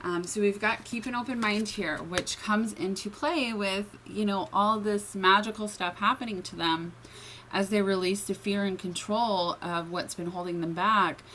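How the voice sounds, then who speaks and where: A woman giving a casual tarot reading to an unseen listener, talking in a loose, chatty flow. Her voice sits at a middling pitch, and she keeps checking in with the listener. A faint ambient hum runs underneath. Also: steady tone, moderate pace, a bit bright, rough recording. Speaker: tarot reader.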